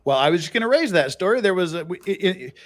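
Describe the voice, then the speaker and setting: Slightly high-voiced man telling a rambling story. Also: big pitch swings, fast talker, no room sound, studio quality. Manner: rambling anecdotal storyteller, laughs easily. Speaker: podcast host. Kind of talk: casual podcast chat.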